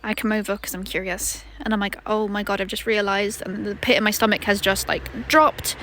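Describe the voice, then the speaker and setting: A woman's voice: mid-range voice, fairly even intonation, a little fast, a bit bright, slight background noise. A woman vlogger telling a story to camera in a rambling, casual way, with many fillers and restarts, outdoors in a garden.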